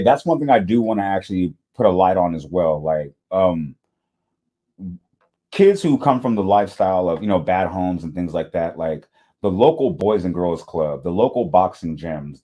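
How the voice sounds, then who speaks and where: A man hosting a reaction video, talking in casual, animated, slangy commentary with frequent laughs and swearing. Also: low voice, breathy edge.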